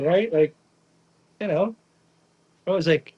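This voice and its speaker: Young male chef, Naples-raised, animated storyteller acting out quotes in casual interview talk. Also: on the high side, moderate pace, pauses often, husky, lo-fi sound. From Naples area, Italy. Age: young adult. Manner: animated, acts out quotes, frequent "right?" tags. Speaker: pizza chef guest.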